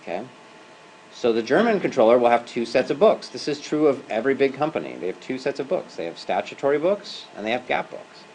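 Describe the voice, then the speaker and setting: A man's voice: medium pitch, sing-song, a little fast, a little mellow, slight background noise, low-quality recording. A man giving a university lecture in a classroom as an adjunct professor. He talks conversationally and keeps checking in with "right?" and "okay?".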